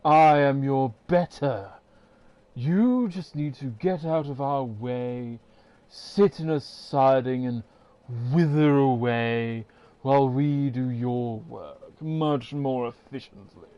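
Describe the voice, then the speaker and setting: An English man voicing a smug, scheming male diesel engine in a smooth, oily, condescending tone. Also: medium pitch, slow, warm tone, dry recording, pitched below the performer's own voice, natural voice.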